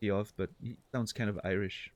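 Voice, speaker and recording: A young Swiss man streams a game and chats casually with his viewers, swearing and laughing a lot. His voice sits fairly low, with a steady tone and a moderate pace.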